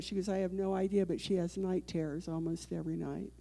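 A woman's voice: lowish voice, fairly even intonation, fast, gravelly, mellow. An older woman giving a personal testimony in church, telling the story earnestly and acting out the dialogue.

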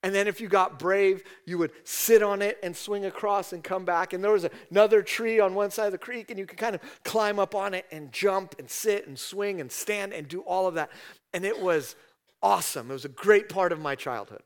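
A man's voice: high voice, normal speed, clear, resonant tone. A middle-aged man, a pastor, preaching a sermon in a conversational storytelling way, often tagging "right?" onto his sentences.

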